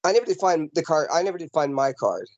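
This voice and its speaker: A man's voice: a little high, fast, no echo, lo-fi sound. Rambling man telling a ghost story. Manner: rambling, animated, lots of fillers and restarts. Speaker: paranormal investigator guest. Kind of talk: casual storytelling in an interview. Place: home in the mountains. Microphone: video call.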